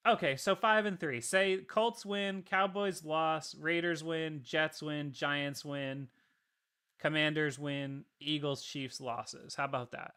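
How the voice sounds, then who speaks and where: Male podcast co-host, high-pitched, animated ranting sports talk with plenty of swearing. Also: slow, clear, resonant tone. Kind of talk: casual sports chat.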